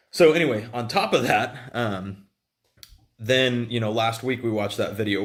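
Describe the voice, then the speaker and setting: A man giving a casual, conversational sermon with many fillers and restarts. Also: fairly low pitch. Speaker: preacher.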